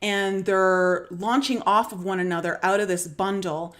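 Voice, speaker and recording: A woman's voice: medium pitch, steady tone, a little slow, a bit bright. A woman with a Canadian accent telling a long dream story on a live stream, casual and rambling, with many fillers and small laughs. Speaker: spiritual vlogger.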